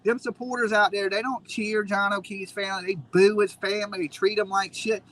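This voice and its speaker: A man's voice: high-pitched, little pitch movement, fairly quick, fairly bright tone, poor audio. A man hosting a live stream, ranting in a mocking, combative way. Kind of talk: heated casual commentary.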